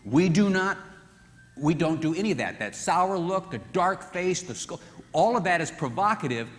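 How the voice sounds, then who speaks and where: An animated man teaches a marriage seminar in a fairly high voice and acts out what spouses say. His voice carries a long reverb from a large hall. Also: moderate pace, a little hiss or hum.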